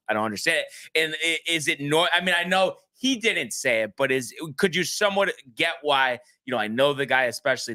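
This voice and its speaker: A man's voice: mid-range voice, bright, forceful tone. A man co-hosting a podcast, telling a long story in casual chat, full of restarts and acted-out quotes. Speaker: podcast co-host.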